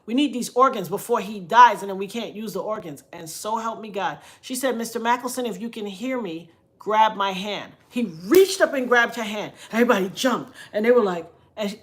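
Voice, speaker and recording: A woman hosting a livestream, telling a story in a preachy, animated way that swings from loud emphasis to soft asides. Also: mid-range voice. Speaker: livestream host reading viewer comments. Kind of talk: casual storytelling monologue.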